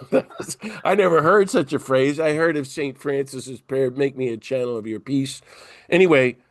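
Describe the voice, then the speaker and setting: A man's voice: medium pitch, normal speed, no echo. Priest guest, male, spins stories and acts out dialogue, voice in a middle register. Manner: animated storyteller who acts out dialogue. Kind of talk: conversational storytelling.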